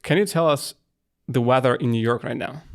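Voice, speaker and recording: A man's voice: medium pitch, a little fast, vocal fry. A man co-hosting a tech podcast, chatting casually with jokey asides during a live demo. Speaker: podcast co-host, company co-founder.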